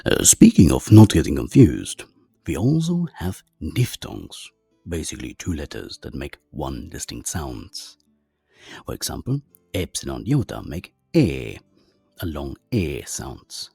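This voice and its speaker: A man's voice: extremely low pitch, big pitch swings, measured pace, creaky, mellow, husky, dry recording, studio quality, soft background music. A man giving a methodical language lesson, naming letters and their sounds one by one. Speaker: language teacher. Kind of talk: explanatory lesson.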